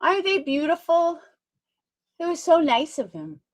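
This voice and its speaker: A middle-aged woman livestreamer chatting casually and gushing over things in an animated way. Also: very high voice, moderate pace.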